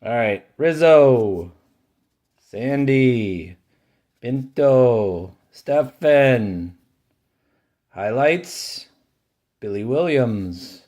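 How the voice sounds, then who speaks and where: A man hosts a card-opening video, calling out each card in an offhand, unhurried way. His voice sits at a middling pitch and his pace is slow and drawn out. He mixes mild complaints with bursts of delight. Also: lively intonation, darkish tone. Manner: offhand, names each card as it turns up, grumbles and cheers by turns. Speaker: card collecting channel host. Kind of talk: casual running commentary while opening card packs.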